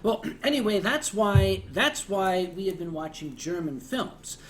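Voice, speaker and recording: A man's voice: sits high, animated, measured pace, slight background noise. A man hosting a casual chat, teasing dryly and chiming in with short agreements. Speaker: host.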